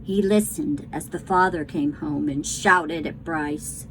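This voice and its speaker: A woman reading a children's book aloud to a class, tender and unhurried. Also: low-pitched, slight background noise, low-quality recording. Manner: slow, tender storytelling.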